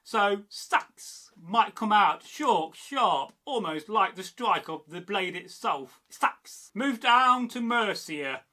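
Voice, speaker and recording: A man, from the Midlands, giving a scripted history narration in short, measured, dramatic phrases. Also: high-pitched, animated, pushed and bright. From English Midlands. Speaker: history presenter.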